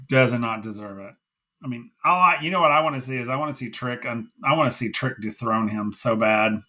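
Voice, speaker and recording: Male podcast co-host, bright tense voice, effusive casual chatter. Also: medium pitch, normal speed, rough recording. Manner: gushing, emphatic, repeats himself. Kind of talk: casual wrestling review chat.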